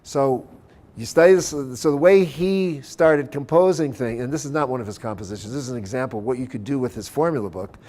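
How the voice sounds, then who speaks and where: At a conference center, a man lectures on church music in a brisk, medium-pitched, darkish voice. He walks through ideas step by step, keeps asking "okay?", and breaks into short sung chant examples.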